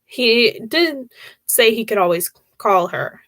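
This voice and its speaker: A woman streamer reading a horror novel aloud, expressive, with occasional stumbles and restarts. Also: a little high, takes it slowly, dry recording.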